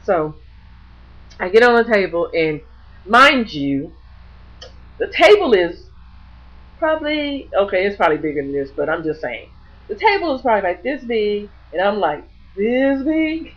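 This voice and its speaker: A woman's voice: mid-range voice, unhurried, long pauses, highs cut off. A woman vlogger telling a personal story to camera in casual speech, acting out the lines of others with many restarts and repeated words. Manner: animated, acts out the dialogue of others.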